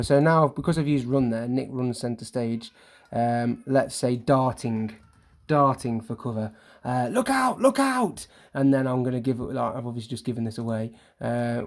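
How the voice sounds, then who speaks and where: Young male teacher with a gravelly edge, talking through a recorded lesson, informal and full of ums. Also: mid-range voice, warm tone. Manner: hesitant, many ums and self-corrections, chatty and informal. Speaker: primary school teacher.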